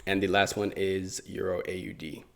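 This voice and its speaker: A man with a fairly low voice talks through trading charts in a relaxed, conversational way. He thinks aloud, circles back and repeats phrases as he points things out. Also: normal speed, creaky, slight background noise. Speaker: forex trading YouTuber. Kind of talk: casual chart walkthrough.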